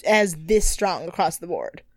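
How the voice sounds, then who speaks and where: A woman's voice: fairly low pitch, unhurried, no echo. Chatty woman podcast co-host, dry sound. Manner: animated, swearing, laughs often. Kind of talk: casual recap chat.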